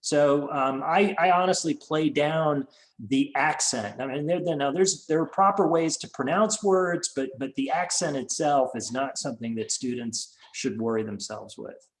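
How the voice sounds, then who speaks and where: A man's voice: a little high, normal speed, poor audio. A man, a French professor, speaking in a webinar on a video call, with many fillers and restarts. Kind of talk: webinar talk.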